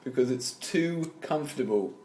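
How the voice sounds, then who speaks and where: A man's voice: medium pitch, animated, moderate pace, mellow. A man from England co-hosting a casual chat, making dry, wry remarks. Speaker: podcast co-host. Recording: echoey room.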